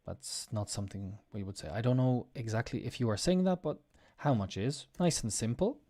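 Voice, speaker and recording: Mellow-voiced male English teacher. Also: medium pitch, big pitch swings, normal speed. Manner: explains patiently, repeating example phrases with strong intonation. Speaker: podcast host. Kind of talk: casual spoken lesson.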